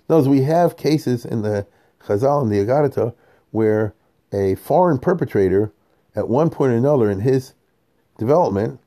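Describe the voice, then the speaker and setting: A man's voice: on the low side, warm tone. A man teaching a conversational Torah class, digressive and chatty, often checking in with his listeners and chuckling between points.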